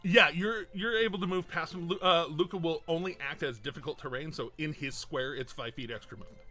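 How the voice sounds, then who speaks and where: A man narrating as game master of a tabletop game, excitable and quick to laugh. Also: fairly high pitch.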